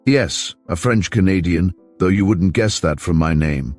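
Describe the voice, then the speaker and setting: A man's voice: sits low, lively intonation, a little slow, a little mellow, faint music behind. A man reading a smug crook posing as a major. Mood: genial. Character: smooth male crook posing as a Canadian major.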